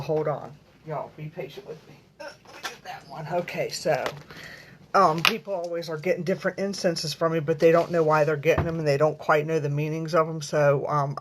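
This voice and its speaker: A woman hosting a casual live video at home, talking to viewers in a chatty, rambling way and calling them y'all. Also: low voice. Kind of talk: casual live-stream chat. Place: at home, lighting incense.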